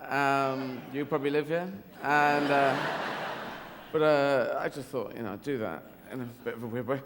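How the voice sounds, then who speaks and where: A man's voice: mid-range voice, fairly even intonation, moderate pace, noisy background. An English man performing a rambling, digressive stand-up routine full of swearing, on a large theater stage. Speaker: stand-up comedian. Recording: reverberant live hall with ambience.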